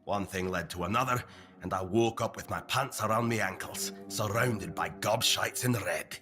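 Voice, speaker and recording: A man's voice: fairly low pitch, normal speed, over music, natural voice. An actor playing a brash, battle-hardened male warrior prisoner in a video game, with a Scottish accent and coarse, swearing speech. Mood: boastful.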